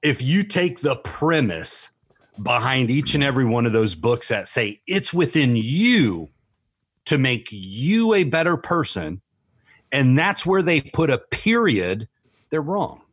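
A man's voice: medium pitch, sing-song, a little slow, slightly rough, dry recording, clean studio sound. A middle-aged man co-hosting a casual chat, playful and teasing, with emphatic bursts. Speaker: podcast co-host.

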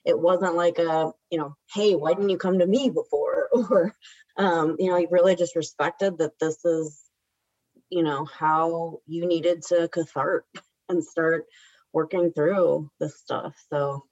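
Gentle woman host, dull dry sound. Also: low-pitched, steady tone, slow, no echo. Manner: gentle, asking soft questions. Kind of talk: supportive podcast conversation.

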